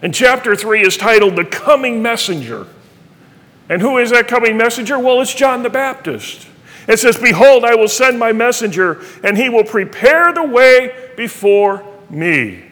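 A middle-aged man with a high voice preaches an earnest sermon, reading verses aloud and explaining them. His voice rings out with a long reverb in a church hall. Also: lively intonation, normal speed, a bit bright. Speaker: pastor.

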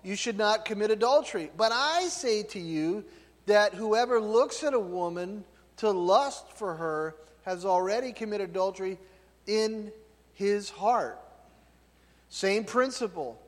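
A man preaching a sermon, loud and emphatic, often checking in with his listeners. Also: high-pitched, animated, slow. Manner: loud, emphatic, tag questions. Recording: long hall reverb.

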